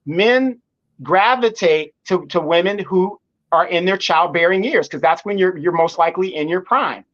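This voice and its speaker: High-voiced man on muffled remote audio. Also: normal speed, fairly bright tone. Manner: repeats words when starting a point, firm and opinionated. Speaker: guest commentator. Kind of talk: live online discussion.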